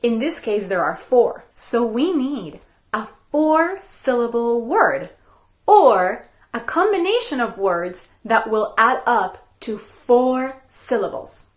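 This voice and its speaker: A woman teaching a recorded music lesson for young children, counting beats and speaking rhythm syllables in a slow, clear, patient way. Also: a little high, lively intonation. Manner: slow, clear, patient classroom delivery with counted clapping chants.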